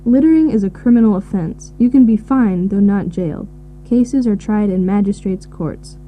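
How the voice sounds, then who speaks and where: A woman giving measured, informative answers in a scripted listening recording. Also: mid-range voice, warm tone. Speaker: expert answering questions. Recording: tinny phone-like audio with faint hiss.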